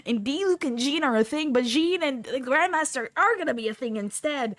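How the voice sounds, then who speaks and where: High-voiced woman rambling on stream. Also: a little slow, long pauses, soft background music. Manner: animated, rambling, swearing, laughing often. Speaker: livestreamer. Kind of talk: casual chat while drawing.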